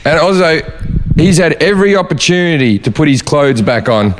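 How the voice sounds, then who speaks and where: Co-host guy, bit higher voice, bouncy and lively, cracking jokes. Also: moderate pace, slight background noise. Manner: joking, animated sportscaster-style recap. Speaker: podcast co-host. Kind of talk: casual banter.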